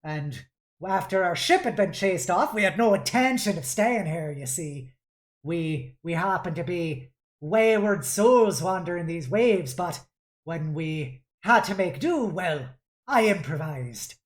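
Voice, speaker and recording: Woman game master with a lively, low voice. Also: a little slow. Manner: laughs often, theatrical narration. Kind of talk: narrating a tabletop game.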